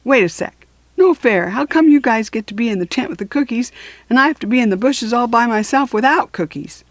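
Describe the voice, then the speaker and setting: A high, eager little boy's voice that bubbles with excitement and chatters loudly, like a kid playing spy in a storybook, as a woman reads him aloud. The recording is dry and close. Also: brisk, no echo.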